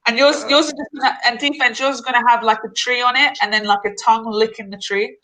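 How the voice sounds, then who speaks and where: A woman's voice: a little high, fairly even intonation, fast, sharp tone, low-quality recording. A woman chatting and teasing her friends in a casual group conversation.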